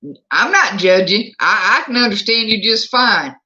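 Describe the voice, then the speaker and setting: This is a livestream host with a Southern US accent, talking casually from home. The voice sounds bright and forceful, and it moves from one viewer comment to the next in easy chatter. The audio is a little muffled and lo-fi. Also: mid-range voice, expressive, normal speed. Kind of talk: casual live chat. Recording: slightly dull lo-fi sound.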